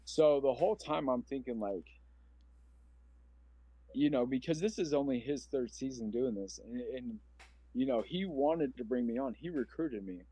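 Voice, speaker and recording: An earnest man in his forties from Omaha, Nebraska, shares his story as a podcast guest, rambling and emotional as he goes. His voice is warm and mellow. The sound is dry, with no room echo. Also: medium pitch, moderate pace, slightly rough. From Omaha, Nebraska, USA. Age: 40s. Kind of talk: personal storytelling interview.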